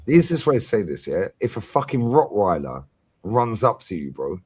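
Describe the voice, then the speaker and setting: Husky, lively man. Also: lowish voice, normal speed. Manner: swearing, slangy, lively storytelling. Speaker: host of a fan talk stream. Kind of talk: casual chat.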